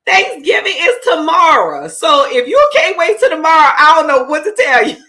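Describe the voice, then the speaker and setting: A woman with a New Orleans accent putting on an exasperated mother who scolds in a loud, shrill voice. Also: sing-song, normal speed, heavily acted. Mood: scolding, exasperated. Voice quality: shrill, shouting.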